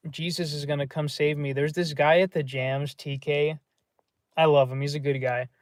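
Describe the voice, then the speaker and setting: A man's voice: fairly high pitch, clear, resonant tone, dry recording, clean studio sound. Gloomy, cursing man on a livestream. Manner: gloomy, profane, rambling. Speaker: livestream host. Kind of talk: casual livestream chat.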